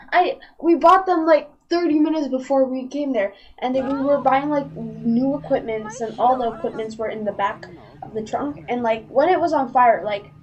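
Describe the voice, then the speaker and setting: A woman's voice: high voice, darkish tone, dull audio. A woman casually telling a story on a live stream, rambling with lots of "like" and restarts.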